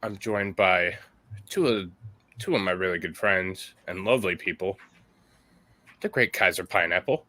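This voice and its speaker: A man's voice: sits low, normal speed, long pauses, pushed and bright. A man hosting a casual evening build-and-chat, joking and teasing his friends. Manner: jokey, teasing, swears casually. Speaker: host.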